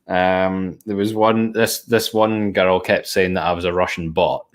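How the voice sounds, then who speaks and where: A very deep-voiced man in loose conversation. He rambles and restarts, with plenty of fillers and some swearing. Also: fairly even intonation, measured pace. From Scotland. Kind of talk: casual conversation.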